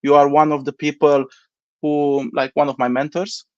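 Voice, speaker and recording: A man's voice: fairly high pitch, little pitch movement, no echo. Italian-accented man on a dull dry line. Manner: earnest, grateful, halting phrasing. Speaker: live stream co-host. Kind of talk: casual live stream chat.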